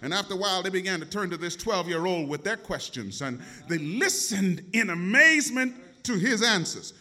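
A man's voice: sits high, expressive, normal speed, hardly any pauses, bright, forceful tone. A man preaching a sermon, dramatic and emphatic, calling out questions to his congregation. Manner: dramatic, call-and-response, emphatic.

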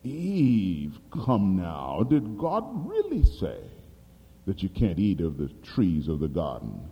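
A man voicing a sly male serpent devil who tempts with smooth, low, slow words in a reverberant hall. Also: wildly swooping pitch, warm tone, full character voice. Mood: sly, coaxing.

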